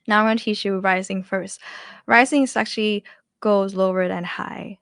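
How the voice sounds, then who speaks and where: Speaking with a Thai accent, this young woman runs a chatty online language lesson where she repeats syllables to demonstrate the tones and laughs a lot. Her voice sits at medium pitch, and the studio recording is clean with no room sound.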